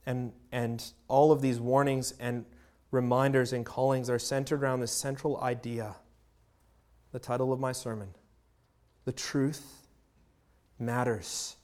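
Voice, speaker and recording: A male pastor preaching to his congregation in an earnest voice. His pitch sits in the middle range for a man. He leans on emphatic pauses and lets his volume swell and drop. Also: level tone, a little mellow. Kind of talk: sermon.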